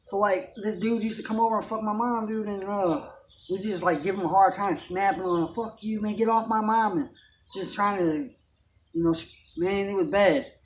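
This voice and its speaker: Man, high-pitched, loose profane street-talk storyteller; faint birdsong behind. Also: fairly even intonation, moderate pace, slight background noise. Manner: rambling, profane, street slang, fillers like man and dog. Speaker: storyteller recounting his life. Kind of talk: casual personal storytelling.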